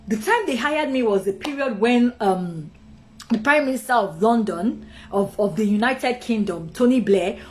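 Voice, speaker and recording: Woman host, animated live-stream storyteller, voice on the high side, chatty with lots of asides. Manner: animated and chatty, greets viewers mid-story; talkative, with many asides and restarts.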